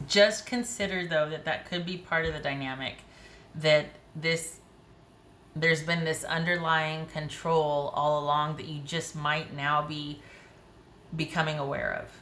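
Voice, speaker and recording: A woman's voice: low-pitched, steady tone, measured pace, a bit bright. A woman giving a tarot reading to camera in a frank, conversational way, talking to herself as she pulls cards. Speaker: tarot reader. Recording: echoey room with faint noise.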